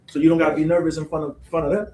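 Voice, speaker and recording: Brief: quick, fairly high male voice, playful ribbing, echoey room. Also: flat delivery, dark tone. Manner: joking, teasing encouragement.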